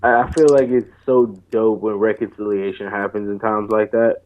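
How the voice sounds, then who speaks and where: A man's voice: fairly low pitch, normal speed. Laid-back man on a dull line. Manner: relaxed, slangy, reflective. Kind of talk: casual chat.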